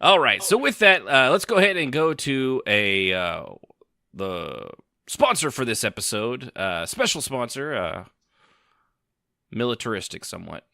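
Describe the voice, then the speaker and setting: A man's voice: medium pitch, sing-song, measured pace, gravelly, bright, forceful tone, no room sound, clean studio sound. A man hosting a podcast in casual chat, rambling and joking with lots of fillers. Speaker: podcast host.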